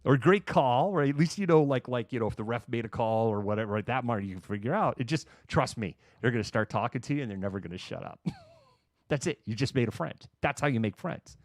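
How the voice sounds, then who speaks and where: A middle-aged Massachusetts man hosts a livestream from a room at home, chatting casually and sarcastically and acting out the people he quotes. His medium-pitched, expressive voice comes fast with hardly any pauses, in clean studio-quality sound with no echo.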